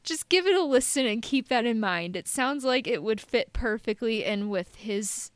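A woman's voice: a little high, expressive, normal speed, no room sound. A young woman co-hosting a podcast, telling stories in a rambling, self-deprecating way. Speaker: podcast co-host. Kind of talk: casual chat.

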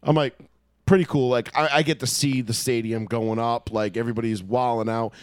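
A man telling a story loudly and profanely in a casual podcast chat. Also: mid-range voice, fairly even intonation, a little fast, smooth, no echo, clean studio sound. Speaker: podcast co-host.

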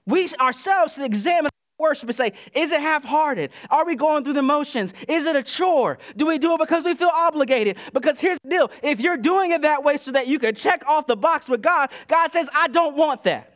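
A man preaching a sermon in a church, talking in a conversational way and acting out the voices he quotes, swinging between loud and soft. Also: very high-pitched, expressive, brisk. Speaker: pastor. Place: church sanctuary.

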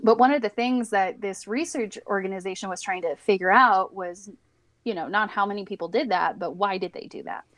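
A woman's voice: mid-range voice, brisk, fairly bright tone. A woman with a mid-range voice talks casually on a podcast, restarting her sentences as she explains. The sound is dry and close, with no room echo. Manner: chatty, hesitant restarts, laughs. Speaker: podcast co-host. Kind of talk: casual political chat.

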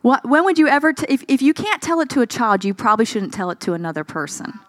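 Woman preaching, conversational, expressive, a bit tired, dry close sound. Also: fairly high pitch, quick pace, no echo. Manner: expressive, acts out quoted voices and cries; conversational, asks the congregation questions. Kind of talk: sermon.

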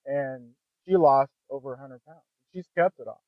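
Here a man of medium pitch talks at a normal speed over a dry, phone-like, narrow recording. He's a guest on a podcast, recounting his own experiences openly and casually while frequently saying "man" and "you know."

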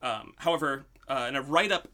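Bright-voiced man telling odd lore. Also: medium pitch, a little fast. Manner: rambling storyteller with many ums. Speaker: podcast host. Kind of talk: casual podcast chat.

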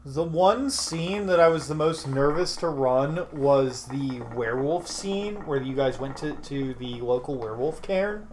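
A man's voice: a little high, expressive, unhurried, few pauses, a little mellow, a little hiss or hum. A young man, a tabletop game master, answering interview questions in a casual chat, rambling with fillers and restarts.

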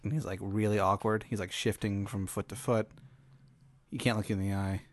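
A man's voice: fairly low pitch, little pitch movement, no echo. Playful man spinning a hypothetical. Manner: playful, laughing, drawn-out. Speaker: host posing a hypothetical. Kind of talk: improvised storytelling.

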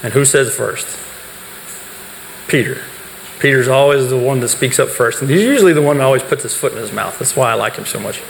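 A man talks briskly to a youth group in a medium-pitched voice marked by vocal fry. He explains his material and puts questions to the audience, answering each himself. Faint background noise accompanies the reverberant hall acoustics.

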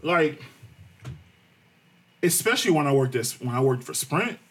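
A man telling a profane, animated story in casual chat, acting out the people he quotes. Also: a little high, moderate pace, breathy edge.

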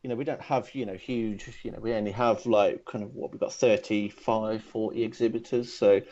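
Rambling man, low voice. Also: fairly even intonation, brisk, mellow. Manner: rambling, full of fillers and restarts. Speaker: comic convention organizer. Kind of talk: casual podcast chat. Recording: dull lo-fi sound.

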